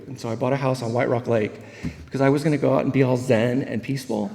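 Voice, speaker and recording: A man's voice: medium pitch, fairly even intonation, fast, creaky, warm tone, slight background noise. Man telling his story in an echoey hall. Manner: humorous, rambling storyteller with many fillers. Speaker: AA meeting speaker. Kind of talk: personal recovery talk.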